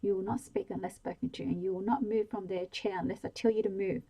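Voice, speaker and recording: A woman's voice: medium pitch, fairly even intonation, quick pace, mellow, breathy edge, rough recording. A woman voicing a cruel, controlling man in an ASMR story reading, with a cold, commanding manner. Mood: menacing.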